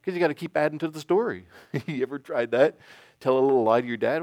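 A middle-aged man leads an informal church teaching and takes questions from the room. He talks in a halting, self-deprecating way and often restarts his sentences. His voice sounds close and dry, with no room echo. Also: medium pitch, a little mellow. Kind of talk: informal sermon with Q&A.

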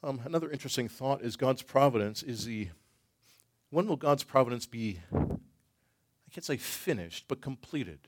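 A man leads a church Bible study, working through his points slowly and thinking aloud. He restarts phrases often and fills gaps with soft ums. His pitch sits in an ordinary middle range for a man. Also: expressive. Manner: thoughtful, halting, with frequent ums and restarts. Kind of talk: teaching a church class with discussion.

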